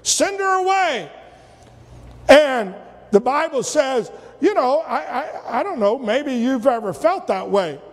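A man preaching a sermon, retelling scripture stories and acting out the voices, sometimes rising to shouts. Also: extremely high pitch, expressive, a little slow. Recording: long hall reverb.

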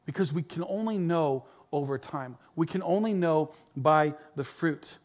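A middle-aged male pastor preaching a sermon earnestly, repeating words, building to emphatic peaks and dropping to soft, quiet lines. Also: on the high side, a little slow, hardly any pauses.

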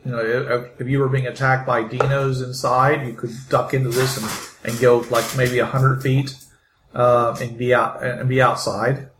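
A man running a tabletop game as game master, narrating in a halting way with many restarts. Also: medium pitch, level tone. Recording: echoey room, faint noise.

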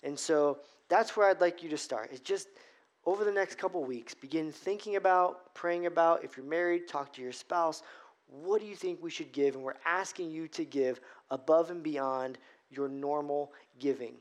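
A man who is a pastor, preaching a sermon with storytelling and emphatic, slowed phrasing. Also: on the high side. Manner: storytelling with acted-out irritation, emphatic slow phrasing.

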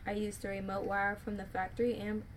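A woman co-hosting a live stream, reading viewer questions aloud quickly and sometimes stumbling over the words. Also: mid-range voice, completely flat delivery, slight background noise. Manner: reads quickly, stumbles and restarts.

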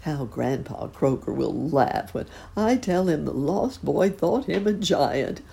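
Casting: a gentle, musing old rabbit gentleman with a gravelly low voice, as a woman puts him on. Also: lively intonation, takes it slowly, heavily acted. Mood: thoughtful.

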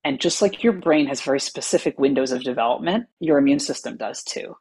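Gravelly, husky-voiced expert guest. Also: mid-range voice, animated, fairly quick, darkish tone. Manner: patient, explains science step by step. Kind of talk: explanatory interview answers.

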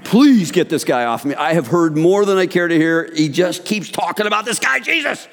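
Guy doing a worn out roman guard begging to get unhooked, voice climbing high, big hall echo. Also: expressive, moderate pace, vocal fry. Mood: exasperated. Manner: exasperated pleading. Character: weary Roman guard chained to a preacher. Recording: long hall reverb.

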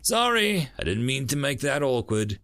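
A man voicing a young female Marine who talks in a wry, teasing way, pitched higher than his own voice. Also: very animated, moderate pace, sharp tone. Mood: curious.

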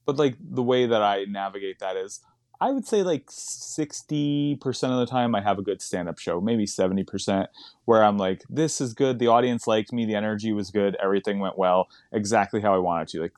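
A man's voice: lowish voice, fairly quick, a little mellow, no room sound, clean studio sound. A man who does stand-up comedy, chatting casually on a podcast, rambling and laughing often as he digresses.

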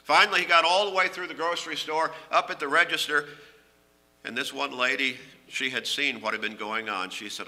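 A middle-aged man preaching a sermon, earnest and emphatic, rising on key phrases and dropping low at the ends. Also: steady tone, a little fast, sharp tone.

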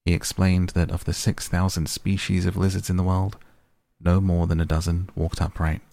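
A man reading a novel aloud as narrator, giving each character's lines in a mostly even voice. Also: deep voice, normal speed, creaky, dry recording. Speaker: audiobook narrator. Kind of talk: scripted narration.

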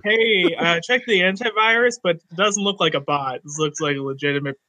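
High, bright-voiced excitable man. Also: a little fast, slight background noise. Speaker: player. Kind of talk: tabletop role-play, casual chat.

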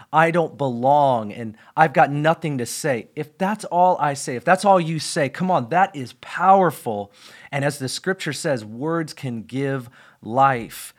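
Earnest, emphatic male pastor. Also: fairly high pitch. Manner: earnest, emphatic, repeats key lines, with slips and restarts. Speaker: pastor and podcast host. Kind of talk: devotional podcast teaching.

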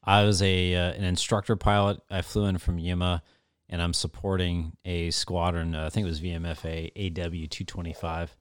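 A man's voice: sits low, moderate pace, clean tone, no room sound, clean studio sound. A man in his forties, a retired fighter pilot, telling stories casually and with plenty of swearing. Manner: profane, animated storyteller. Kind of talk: casual storytelling interview.

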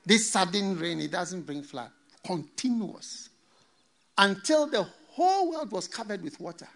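Animated high-voiced preacher. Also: male voice, measured pace, vocal fry. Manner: animated storytelling, dramatic, joking asides. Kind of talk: sermon.

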